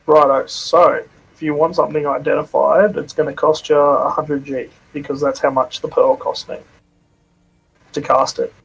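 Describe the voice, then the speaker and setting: Flat-voiced man playing a tabletop game. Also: a little high, normal speed, gravelly, husky, low-quality recording. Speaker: player. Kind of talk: casual tabletop game chat.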